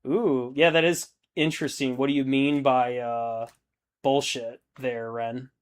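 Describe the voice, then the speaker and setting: A man's voice: mid-range voice, fairly even intonation, a little slow, smooth. A man in his thirties hosting a hobby stream, chatting casually and reading out viewer comments, rambling and swearing freely. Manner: laid-back, rambling, swears a lot.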